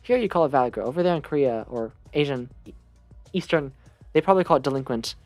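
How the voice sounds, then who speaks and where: Woman streamer, rambling gaming chatter, low voice, dry close sound, faint music behind. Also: quick pace, darkish tone, no echo. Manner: rambling, chatty, self-mocking. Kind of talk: casual gaming commentary.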